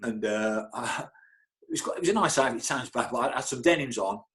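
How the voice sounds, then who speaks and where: A quick, expressive mid-range voice with a slight brightness belongs to a middle-aged man who works as a physio at a football club. Chatting in an interview, he tells casual stories animatedly, often tripping up, starting over and chuckling.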